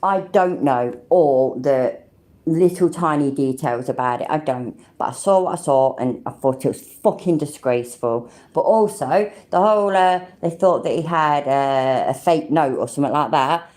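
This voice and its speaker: A woman's voice: deep voice, animated, moderate pace, darkish tone. A woman with a British accent hosting a livestream, giving blunt, sweary reactions and talking to her chat. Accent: British English. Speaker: livestream host. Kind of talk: casual live reaction commentary.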